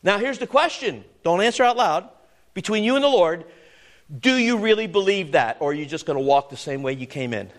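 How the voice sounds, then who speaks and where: A male preacher with a high-pitched voice that swings widely in pitch. He reads the verses slowly and deliberately, then rises to loud, emphatic exhortation. He keeps a conversational tone, with rhetorical questions. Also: expressive. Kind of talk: sermon.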